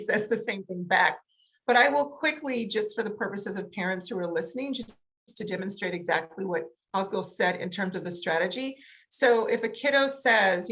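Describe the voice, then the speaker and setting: A woman coach on a panel, explaining in a lively way and acting out examples with big changes in intonation. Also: medium pitch. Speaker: autism communication coach. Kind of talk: panel discussion.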